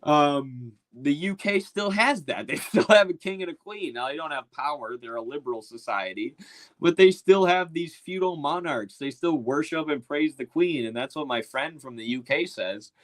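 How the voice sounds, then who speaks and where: A man's voice: on the high side, normal speed, rough recording. A man giving casual opinion commentary in a loose, slangy, mocking way. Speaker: political commentator.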